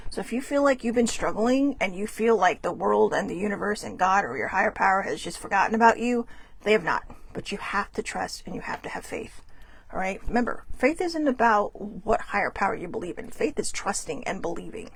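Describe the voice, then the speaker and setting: A woman hosting a casual spiritual card reading, chatty and self-correcting, reading passages slowly aloud. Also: medium pitch, animated, gravelly, breathy edge, no echo. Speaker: host reading oracle cards.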